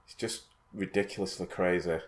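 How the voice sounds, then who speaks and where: A man's voice: low-pitched, steady tone, normal speed. A man in casual chat, reacting with short amazed replies.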